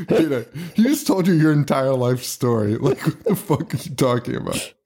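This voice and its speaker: A man's voice: mid-range voice, animated, a little slow, vocal fry, darkish tone, slightly rough. A man co-hosting a horror podcast, recapping a movie in casual chat, laughing often and swearing in disbelief. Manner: profane, laughing, incredulous. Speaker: podcast co-host.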